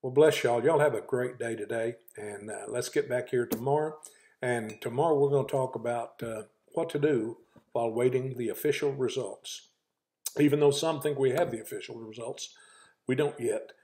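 Man, pastor-host, mellow and gravelly, earnest devotional delivery. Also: medium pitch. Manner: earnest, reads scripture slowly and with emphasis; folksy, frequent "uh" fillers. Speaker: pastor hosting a daily devotional. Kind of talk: devotional talk.

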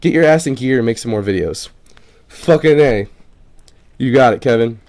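A man's voice: medium pitch, expressive, normal speed, darkish tone. Casual, profane gaming video man. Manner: loose and profane, swears casually; stumbles over unfamiliar names. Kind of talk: casual reading of viewer comments.

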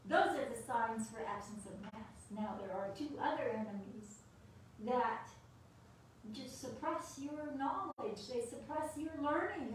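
A woman giving a playful lesson for children with her dogs, animated and full of praise, laughing often. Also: high-pitched, a little hiss or hum. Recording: very echoey room, distant mic.

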